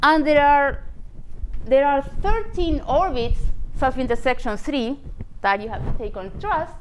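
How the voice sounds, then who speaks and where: Woman math lecturer, high voice, lively delivery, faint room noise. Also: unhurried, rough recording. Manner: lively, explains step by step with frequent "you know". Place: lecture hall.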